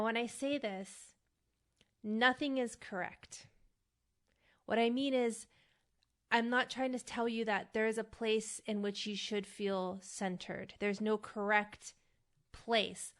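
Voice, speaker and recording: Chatty woman coaching actors. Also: mid-range voice. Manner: conversational, frequent "right?" check-ins, emphatic. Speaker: acting coach and podcast host. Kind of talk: casual teaching monologue.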